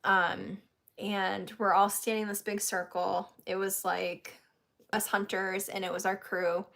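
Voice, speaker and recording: A woman host telling a story in casual chat, animated, laughing often and acting out what others said. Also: mid-range voice, a little slow, vocal fry.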